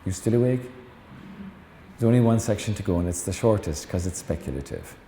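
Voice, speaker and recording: A man's voice: lowish voice, expressive, a little fast, mellow. A middle-aged Irish man, a Jesuit priest, giving a chatty lecture full of anecdotes and teasing asides to the audience. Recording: echoey hall with faint noise.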